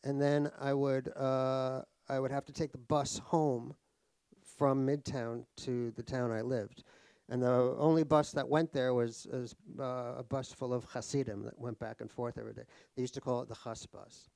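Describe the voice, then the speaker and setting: A middle-aged man tells funny stories about himself on stage. His pitch sits in the ordinary middle range, and his delivery is wry and rambling, full of fillers and restarts. The recording is dry and close, with little room sound. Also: little pitch movement, moderate pace, creaky, warm tone, no echo. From United States (New York). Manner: wry, self-deprecating, laughs at his own jokes. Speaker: author guest in a stage conversation. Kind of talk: comic anecdotal storytelling. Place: live talk at a cultural center.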